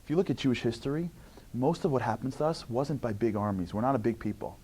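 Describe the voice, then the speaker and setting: New guy doing a funny motivational talk, gets loud then drops to almost a whisper. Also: mid-range voice, quick pace, slightly rough. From New York. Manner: animated, swings between loud outbursts and hushed near-whispers. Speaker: motivational speaker. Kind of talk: comic inspirational talk.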